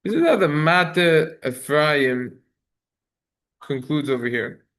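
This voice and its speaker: A man's voice: a little high, expressive, takes it slowly, a bit bright. A man teaching a religious law class, chanting Hebrew passages and then explaining them in a conversational way. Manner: reads Hebrew text in a singsong chant, then translates; conversational, self-correcting. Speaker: rabbi teaching a halacha class. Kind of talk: Talmudic study lesson.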